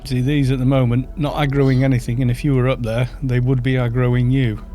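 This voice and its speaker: A man's voice: medium pitch, level tone, fairly quick, mellow, faint music behind. A man with a Welsh accent casually explaining game tactics to his live-stream chat. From Wales.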